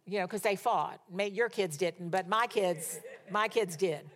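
A woman's voice: mid-range voice, a little slow, fairly bright tone. Woman preaching an emphatic sermon. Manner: storytelling, emphatic, exhorting.

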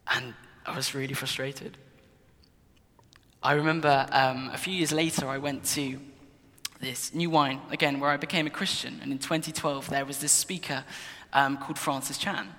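A man's voice: medium pitch, fairly even intonation, normal speed, bright, forceful tone, in a large hall. A young man candidly telling his personal Christian testimony at his desk in a casual, earnest way, sometimes restarting sentences. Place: desk in his own room.

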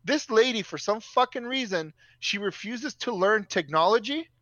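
Animated, profane man ranting. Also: sits high, normal speed, no room sound, muffled recording. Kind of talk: casual storytelling.

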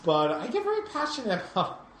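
A woman's voice: medium pitch, huge pitch swings, a little fast, roomy sound, a little hiss or hum. A woman co-hosting a casual podcast about movies, enthusiastic and rambling, often laughing, with her microphone set far away. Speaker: podcast co-host.

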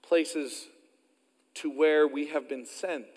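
A man's voice: on the high side, fairly even intonation, takes it slowly, a little mellow, long reverb tail. A man from Oklahoma with an Oklahoma accent, preaching a sermon as a pastor and telling stories in a folksy, self-deprecating way.

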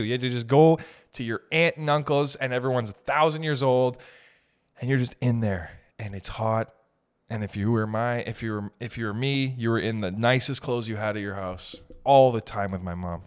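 A man's voice: medium pitch, brisk, smooth. A man in his thirties hosting a solo podcast, ranting in a profane, exasperated, rambling way full of restarts. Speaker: podcast host. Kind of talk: solo comedic rant.

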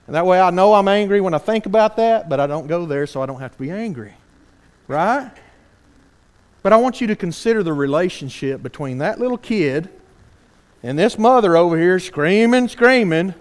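Man, preacher, high-pitched voice, earnest sermon, animated rhetorical questions. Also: normal speed.

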